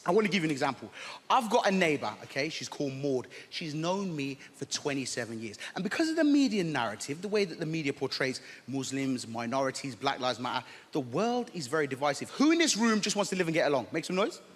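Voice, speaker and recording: A man's voice: fairly high pitch, very animated, quick pace. A man doing a stand-up set, telling a story and addressing the crowd. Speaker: stand-up comedian. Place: large theatre stage. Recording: live theatre with long reverb, faint crowd.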